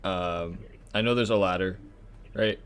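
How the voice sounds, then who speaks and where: Low-voiced easygoing player. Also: male voice, unhurried, clean tone. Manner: easygoing, thinking aloud. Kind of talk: casual tabletop play.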